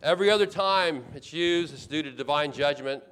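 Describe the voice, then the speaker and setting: A man's voice: on the high side, moderate pace, a bit bright, clear, resonant tone. A man preaching a sermon as pastor, explaining scripture with emphatic repetition and acting out complaints in first person.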